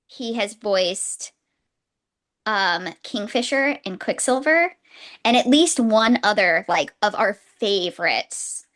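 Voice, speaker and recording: A woman's voice: medium pitch, animated, slow pace, fairly bright tone. A young woman co-hosting a casual book podcast, gushing and laughing often as she chats. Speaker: podcast co-host.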